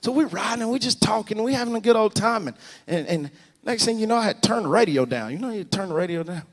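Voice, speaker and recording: A man preaching a storytelling sermon, animated and talking straight to the congregation, often rising to a shout. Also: sits high, quick pace. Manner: animated, swings to shouting, addresses the congregation directly. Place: large church sanctuary. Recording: long church reverb.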